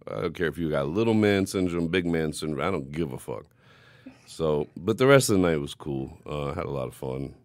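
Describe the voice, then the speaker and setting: A man co-hosting a casual podcast chat, telling stories in a profane, animated way. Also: very deep voice, a little fast, dry recording, clean studio sound. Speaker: podcast co-host.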